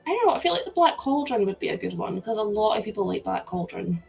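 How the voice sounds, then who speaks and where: A young woman hosting a live stream, chatting excitedly and laughing as she builds a toy set. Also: mid-range voice, fast talker, vocal fry, lo-fi sound, soft background music. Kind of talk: casual chat while building a toy set.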